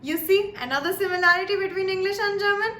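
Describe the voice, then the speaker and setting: A woman's voice: very high voice, fast, a bit bright. A woman from India teaching a German lesson, who says each word twice and often checks in with "Yes?" and "All right?". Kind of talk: slow, patient lesson delivery. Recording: echoey room with faint background noise.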